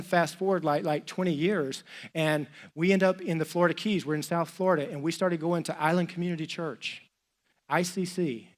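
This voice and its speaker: A middle-aged man preaching from a church stage, telling a personal story in a lively, chatty way and acting out the dialogue. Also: a little high. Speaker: pastor. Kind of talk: storytelling sermon.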